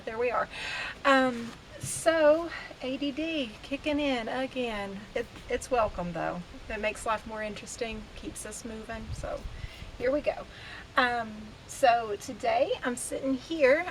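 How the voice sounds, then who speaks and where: A woman's voice: on the high side, slight background noise, poor audio. A woman in her thirties chatting casually to camera from her back porch, laughing easily and poking fun at herself. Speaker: vlogger. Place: outdoor back porch deck. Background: faint outdoor ambience.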